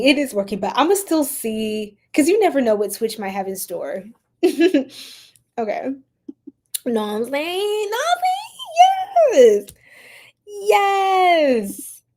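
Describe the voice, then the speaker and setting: Playful laughing woman on a live stream. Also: fairly high pitch. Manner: playful, laughs often, chats with the chat, exclaims loudly. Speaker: tarot reader streaming live. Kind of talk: casual live-stream chat with viewers.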